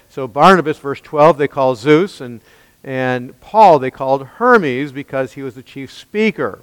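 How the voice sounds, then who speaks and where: A man's voice: mid-range voice, animated, measured pace, a bit bright, clean tone, no room sound, in a large hall, poor audio. A man preaching an expository sermon, emphatic and pressing his listeners with rhetorical questions. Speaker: pastor.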